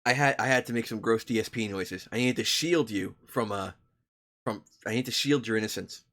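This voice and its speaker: A man's voice: lowish voice, fairly quick, fairly bright tone. A young man streaming, reading a story aloud to his chat with profane, joking asides.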